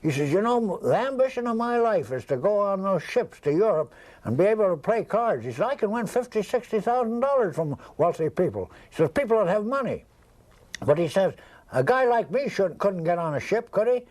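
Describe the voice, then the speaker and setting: A man's voice: high-pitched, sing-song, fairly quick, darkish tone, low-quality recording. An older man telling a long, rambling anecdote in an interview, acting out the other people's voices. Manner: rambling, acts out the voices of people in his stories. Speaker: interviewee, storyteller. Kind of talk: casual anecdotal storytelling.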